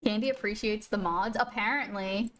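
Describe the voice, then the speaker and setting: A woman's voice: medium pitch, normal speed, fairly bright tone, a little hiss or hum. Bubbly woman streamer gushing over pets. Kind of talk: casual live-stream chat. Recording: faint music behind.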